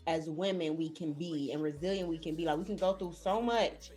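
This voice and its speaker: A woman's voice: low-pitched, a little fast, soft background music. A woman hosting a podcast, chatting casually and reacting emphatically to her guest. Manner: expressive, reacting with laughs and emphatic repeats. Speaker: podcast host. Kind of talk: casual chat.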